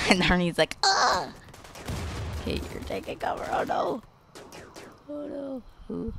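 A game commentator reacting excitedly to the action, gasping and exclaiming, in let's play commentary. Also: medium pitch, normal speed, creaky, a little hiss or hum.

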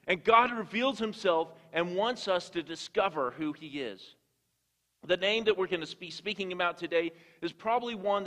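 A man's voice: high-pitched, a bit bright. A man preaching a sermon, telling stories and often repeating words as he restarts. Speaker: guest preacher. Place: church sanctuary. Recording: long church hall reverb.

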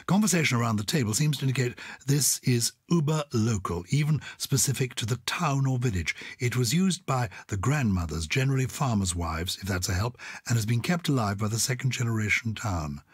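A man's voice: mid-range voice, lively intonation, brisk, few pauses, husky, no room sound, clean studio sound. An older man co-hosting a podcast, speaking in a theatrical, exuberant way. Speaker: podcast co-host. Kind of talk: casual chat.

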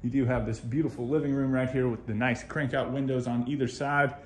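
A man's voice: mid-range voice, steady tone, brisk, slight background noise. A man hosting a home tour video, walking around a model house and gushing over its features in a chatty, upbeat way. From United States. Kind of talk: enthusiastic home tour walkthrough.

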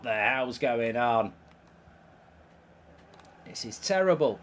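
A man's voice: medium pitch, very animated, a little slow, pauses often. A man with a heated, swear-filled delivery, hosting video game commentary. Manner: exasperated, swears often. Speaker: host.

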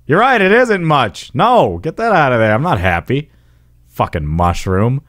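A man commentating on a video game live, excitable and quick to yelp and swear in frustration. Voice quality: high-pitched. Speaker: gaming livestreamer.

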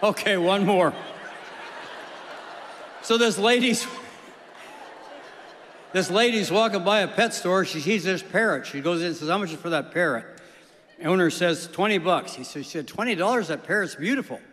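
A comedian from South Dakota telling deadpan jokes on stage, slipping into quick character voices. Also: male voice, high voice, a little hiss or hum. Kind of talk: stand-up jokes on stage, then interview. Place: large concert hall stage. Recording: reverberant hall.

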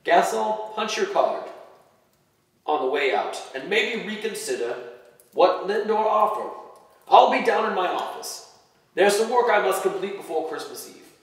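A man's voice: sits high, expressive, measured pace, voice pushed up. A man reading a story aloud, voicing a stern, bossy Santa who bellows orders. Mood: commanding. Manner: bellowing, commanding. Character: stern bossy old male Santa boss. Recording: echoey hall from far off.

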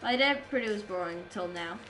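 A woman's voice: medium pitch, lively intonation, brisk, fairly bright tone, faint music behind, low-quality recording. An Australian woman with a stuffed-up nose from a cold, chatting playfully with her viewers during a live gaming stream. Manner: chatty, playful, talks to chat while playing. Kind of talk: casual live-stream chat while gaming.

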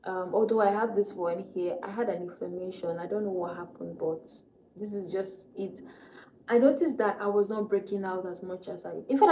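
Young woman, from Nigeria, faith testimony vlog, earnest, warm tone, echoey room. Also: medium pitch, muffled recording. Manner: earnest, repeats phrases for emphasis. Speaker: vlogger.

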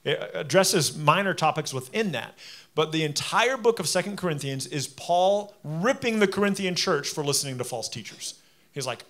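Animated preacher, slightly high voice. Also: male voice, brisk. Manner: animated, acts out quotes with sarcasm. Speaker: pastor. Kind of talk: sermon.

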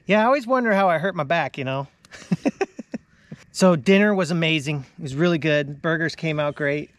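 A man's voice: a little high, normal speed, dry recording. A man in his thirties chatting casually with his family in a laid-back way, chuckling often between fillers. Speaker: vlogger, father. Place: inside a large tent.

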